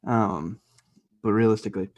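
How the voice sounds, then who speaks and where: A man's voice: fairly low pitch, normal speed, a little mellow. A young man co-hosting a casual podcast, telling rambling stories with lots of laughter and swearing. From grew up half Mexican in the US. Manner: laughs often, swears a lot, rambling storyteller. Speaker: podcast co-host.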